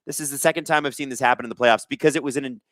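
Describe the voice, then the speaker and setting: A man hosting a live hockey watch-along, reading viewer chat aloud and calling plays with excitable energy. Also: mid-range voice, very fast, no room sound, studio quality.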